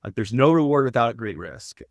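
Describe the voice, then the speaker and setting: A man's voice: mid-range voice, sing-song, a little fast, dry recording. A man speaking as a podcast guest in an earnest, self-deprecating way, hesitating and restarting often. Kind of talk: casual podcast interview.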